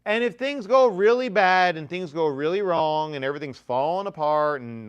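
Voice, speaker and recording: A male pastor preaching to teens in a church, his voice sitting a bit higher than most men's. He talks in a loose, joking way, punching some words loudly and dropping others to a near hush. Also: lively intonation, moderate pace, smooth, lo-fi sound. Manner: conversational and joking, swings between loud emphasis and quiet asides. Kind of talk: youth sermon. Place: church sanctuary.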